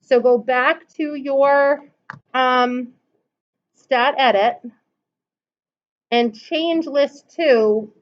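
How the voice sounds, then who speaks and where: A woman teaching a math class, patiently walking through calculator steps and asking students questions. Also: on the high side. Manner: patient, explains step by step and asks the class questions. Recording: dull lo-fi classroom recording.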